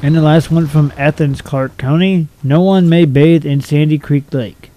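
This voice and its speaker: A man's voice: on the high side, steady tone, moderate pace, warm tone, slight background noise, poor audio. A young man reading out silly laws and mocking each one in a blunt, profane, sarcastic way. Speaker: video commentator.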